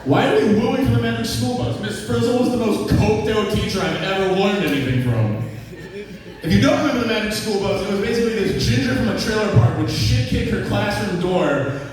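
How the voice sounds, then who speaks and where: A man's voice: high voice, expressive, brisk. A man from Massachusetts with a Massachusetts accent, a stand-up comedian with a crude style who teases the crowd. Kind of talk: stand-up set. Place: comedy club. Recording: echoey club, far-off mic.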